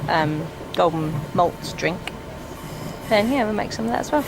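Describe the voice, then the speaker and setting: A woman's voice: lowish voice, lively intonation, normal speed. A woman with a Northern English accent chatting casually in her home kitchen, giggly and trailing off mid-sentence. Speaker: co-host cooking at home. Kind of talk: casual chat. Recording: clear background noise.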